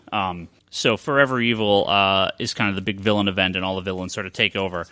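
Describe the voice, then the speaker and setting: Guy hosting a comics podcast, bright voice, close dry sound, lots of uhs and ums. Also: low voice, steady tone, clear, resonant tone, no echo. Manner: rambling, many filler pauses. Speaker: podcast host and comic book retailer. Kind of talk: casual podcast chat.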